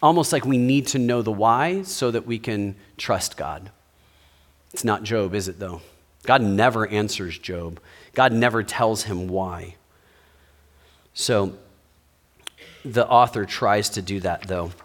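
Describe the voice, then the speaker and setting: A man's voice: lowish voice, slow pace, long pauses. A pastor giving a sermon, speaking in a conversational way and asking his listeners rhetorical questions.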